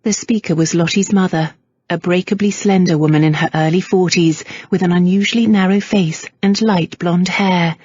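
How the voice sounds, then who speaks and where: A woman narrating a historical romance audiobook in a measured, even storytelling manner. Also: lowish voice, husky, no room sound, lo-fi sound. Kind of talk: scripted narration.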